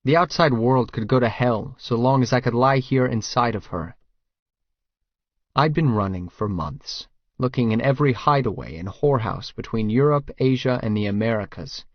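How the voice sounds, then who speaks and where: A man's voice: mid-range voice, moderate pace, no echo, muffled recording. A man narrating a first-person romance audiobook in a blunt, crude, matter-of-fact way.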